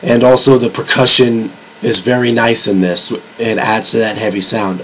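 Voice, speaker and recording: A man's voice: medium pitch, fairly bright tone, a little hiss or hum, rough recording. A young man with a slightly sick voice, reviewing games and albums in a rambling, casual way and restarting his sentences often. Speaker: YouTube reviewer.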